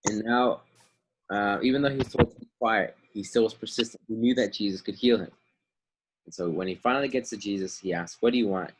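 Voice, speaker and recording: A man's voice: lowish voice, a little fast, slight background noise, rough recording. A man teaching a Bible lesson over a video call, retelling the story casually in everyday slang. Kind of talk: online Bible class lesson.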